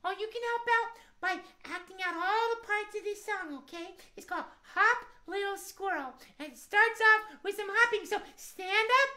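A very high, squeaky little male squirrel puppet that a woman puts on, shy and sweet, with a gentle, timid eagerness. His voice is sharp and bright and bounces way up high. He sounds like he belongs in a children's puppet show. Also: normal speed, hardly any pauses. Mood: cheerful.

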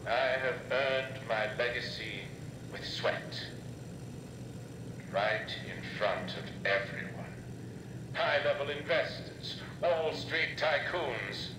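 Bertrum, a pompous older builder. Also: male voice, fairly high pitch. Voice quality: grand, boastful delivery. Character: pompous proud older man, a park builder. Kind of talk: audio log in a video game. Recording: roomy, distant, with music behind.

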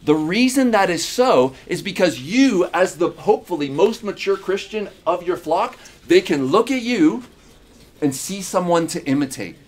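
A man's voice: sits high, animated, normal speed. A man preaching a sermon as pastor, emphatic, with repeated phrases and rhetorical questions. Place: church in Uganda.

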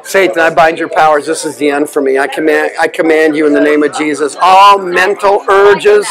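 High-pitched man, deliverance minister, forceful shouted commands, crowd noise behind. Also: steady tone, moderate pace, low-quality recording. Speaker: minister leading deliverance prayer. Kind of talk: loud deliverance prayer and commands.

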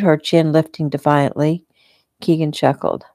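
Author reading her novel at home, a woman with a low, mellow voice, dry close sound. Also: moderate pace, no room sound. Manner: relaxed, unpolished reading with small slips. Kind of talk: casual read-aloud narration.

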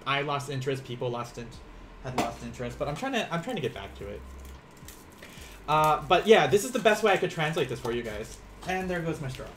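Casual male streamer-teacher, 30s, slightly high voice, rambling and laughing, faint background hiss. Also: very animated, fairly quick. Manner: chatty, rambling, laughs often, eats while teaching. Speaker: Japanese teacher. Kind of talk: casual live-streamed language lesson.

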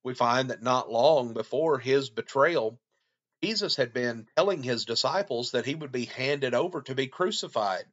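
A man preaching a short devotional, reading scripture and explaining it in a measured way. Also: medium pitch, a bit bright, dull audio.

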